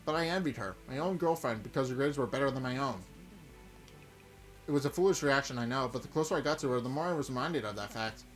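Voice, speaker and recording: A man's voice: medium pitch, fast, soft background music, close to an everyday voice. A man reading a remorseful male student. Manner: anguished, remorseful. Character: heartbroken young male student.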